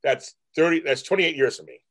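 In a candid, casual interview, a guest artist in his fifties talks bluntly and with profanity, loudly mimicking his family members. His voice is fairly high, very animated and a bit bright with a breathy edge, and he speaks fairly quickly.

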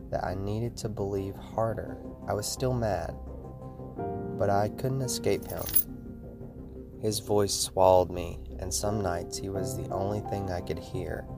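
A man with a very deep voice reads a scripted, first-person horror story aloud. His delivery is steady, and music plays steadily behind the narration. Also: creaky.

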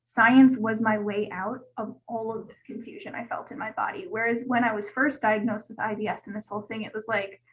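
A woman's voice: a little high, fairly even intonation, a little fast, few pauses, rough recording. A woman guest telling her own story in a candid, conversational way, with many "like"s. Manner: chatty, peppered with "like". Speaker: guest, gut health specialist.

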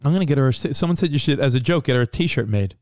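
A man co-hosting a podcast in casual chat, animated, often laughing and swearing freely. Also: mid-range voice, very fast, dry recording, clean studio sound. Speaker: podcast co-host.

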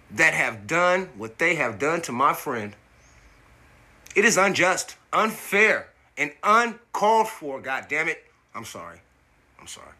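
A man's voice: high-pitched, sharp tone. A man hosting a podcast, delivering an indignant, profane monologue and stumbling over repeated words when he gets worked up. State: coughing from smoking. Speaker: podcast host. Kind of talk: angry monologue.

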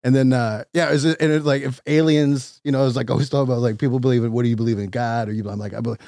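A man's voice: medium pitch, fairly even intonation, racing, darkish tone, dry recording, studio quality. A middle-aged man, a comedian, chatting casually on a podcast in a rambling way, often acting out quotes and laughing. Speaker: comedian guest.

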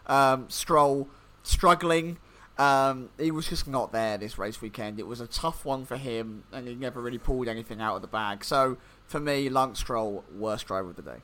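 Bright, forceful man joking on a podcast. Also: mid-range voice, normal speed. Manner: joking, self-mocking, with filler ums. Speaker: podcast co-host. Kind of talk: casual sports podcast chat.

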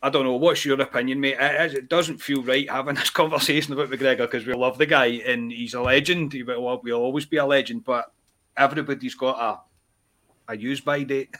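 A man's voice: mid-range voice, steady tone, a little fast, a bit bright. Mid-voiced male host steering a casual football discussion. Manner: questioning, moderating. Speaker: podcast host.

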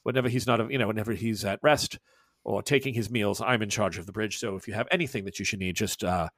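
A man's voice: on the low side, quick pace, fairly bright tone, dry recording, studio quality, pitched below the performer's own voice. A man voicing a friendly, polite first mate in his early forties with a London accent. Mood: courteous. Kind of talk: tabletop game character voice.

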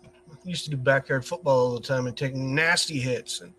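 A man from upstate New York with a light upstate New York accent, chatting as a podcast guest, quick to laugh and telling anecdotes. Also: medium pitch, sharp tone, slight background noise. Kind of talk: casual chat.

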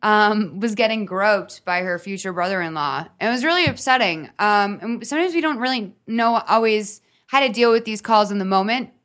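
Woman podcast host, wry and riffing, mid-pitched casual chat. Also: a bit bright. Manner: joking, riffing, quick banter.

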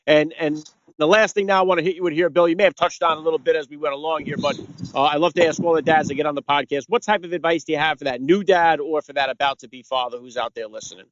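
Man, podcast host, upbeat, rapid speech, slightly high voice, dry dull sound. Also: fairly even intonation. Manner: upbeat, quick, appreciative. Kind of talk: casual interview hosting.

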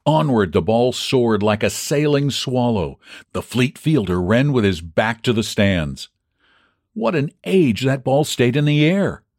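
Man reading a story with lively expression. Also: mid-range voice, unhurried, no echo, clean studio sound. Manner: expressive reading, shouting out the fans' cries. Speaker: audiobook narrator. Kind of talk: scripted narration of a classic baseball story.

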